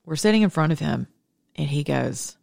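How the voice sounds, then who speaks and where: A middle-aged American woman talking casually to her audience, telling an animated story full of quick asides and self-corrections. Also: low-pitched, creaky. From United States. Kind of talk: casual monologue.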